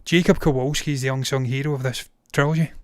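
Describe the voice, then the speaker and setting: A man's voice: mid-range voice, steady tone, quick pace, no room sound. A man in his thirties gives blunt, opinionated verdicts and swears without a second thought. His voice sounds tired and strained after a long stream. The sound is close and dry, with no room around it. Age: 30s. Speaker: film reviewer and live-streamer. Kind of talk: casual live-stream chat.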